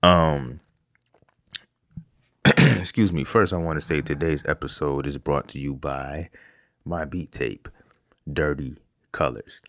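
A man's voice: extremely low pitch, takes it slowly, pauses often, no echo, clean studio sound. A man from Rochester, New York, hosting a casual podcast in a laid-back, loose way with fillers and asides. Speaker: podcast host and beat producer. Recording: loud beat music playing under the voice.

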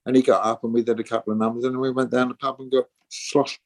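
A man's voice: medium pitch, level tone, fast talker. A man in his sixties, a musician guest telling rambling stories and acting out the voices of people he quotes. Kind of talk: casual interview storytelling.

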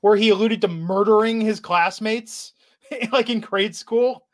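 A man's voice: sits high, measured pace. A man hosting a casual podcast chat, talking with a sarcastic, mocking manner. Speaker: podcast host.

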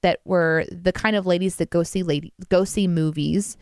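A woman chatting casually as a co-host about a movie, animated and full of restarts. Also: fairly low pitch, normal speed, background noise. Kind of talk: casual chat.

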